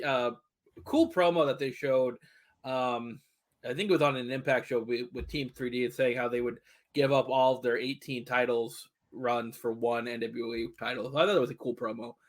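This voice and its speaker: A man's voice: mid-range voice, normal speed. A man co-hosting a wrestling podcast, recapping matches with many hesitations and amused disbelief. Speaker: podcast co-host.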